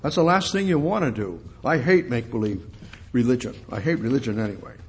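Folksy man preaching in hushed tones. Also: mid-range voice, expressive, brisk, a little hiss or hum. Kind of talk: informal sermon.

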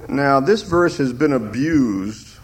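Slow, emphatic older male preacher. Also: mid-range voice, animated, slight background noise. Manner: slow, emphatic preaching that rises on scripture quotes. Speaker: pastor. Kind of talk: sermon.

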